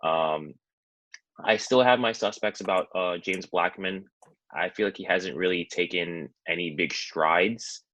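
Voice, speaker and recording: A man's voice: sits low, measured pace, fairly bright tone, poor audio. A man who is a guest on a sports podcast, giving his football take in a rambling, hesitant way with many fillers. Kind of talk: casual sports talk.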